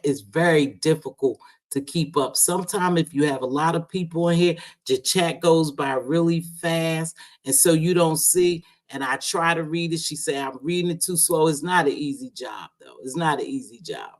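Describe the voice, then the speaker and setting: Brief: middle-aged woman, live stream host, loose chatty talk, calls folks baby and sweetheart. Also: deep voice. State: unwell after medication. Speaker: livestream host. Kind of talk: casual live chat.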